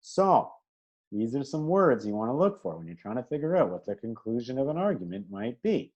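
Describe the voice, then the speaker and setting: A man's voice: medium pitch, sing-song, brisk, darkish tone, dull audio. A man giving an informal lecture as a teacher. He is chatty, corrects himself often and keeps checking in with "right?" and "okay?". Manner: self-correcting, with fillers and restarts.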